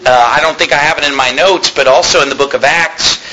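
High bright-voiced pastor preaching. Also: male voice, fairly quick, slight background noise, poor audio. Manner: conversational preaching with humorous asides and chuckles. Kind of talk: sermon. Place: church hall.

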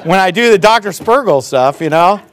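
A man preaching a sermon in church, animated and mocking, with frequent laughing asides. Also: high voice, normal speed, some chatter behind. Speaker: pastor.

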